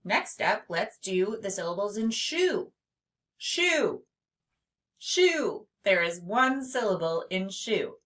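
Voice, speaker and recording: A woman teaching a phonics lesson, speaking slowly and stretching words out syllable by syllable. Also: medium pitch, lively intonation, fairly bright tone. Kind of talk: slow, clear classroom instruction.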